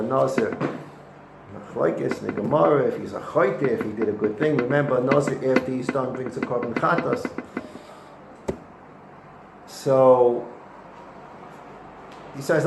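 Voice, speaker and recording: A man's voice: mid-range voice, normal speed, gravelly, pauses often. A man, a rabbi, gives a weekly Torah lesson, telling the stories with animation and dropping Hebrew and Yiddish terms. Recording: echoey room with faint noise.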